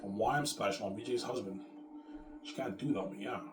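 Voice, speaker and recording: A man's voice: fairly low pitch, brisk. Boastful man rambling in an echoey room. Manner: boastful and profane, repeats himself. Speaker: vlogger. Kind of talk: rambling casual monologue. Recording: echoey room with music playing. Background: music.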